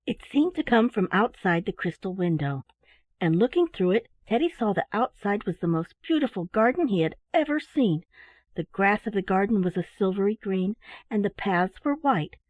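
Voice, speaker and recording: A woman narrating a children's bedtime story in a gentle, expressive reading voice. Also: mid-range voice, normal speed, no echo. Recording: dry, phone-like narrow sound.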